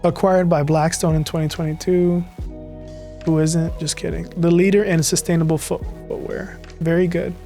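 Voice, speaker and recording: A man with a slightly raised voice talks through websites in casual, excited commentary. He rambles and cuts himself off mid-sentence, with faint music underneath. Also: a little high, normal speed, vocal fry. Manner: enthusiastic, rambling, self-interrupting. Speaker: web designer reviewing sites. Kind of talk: casual screen-share commentary.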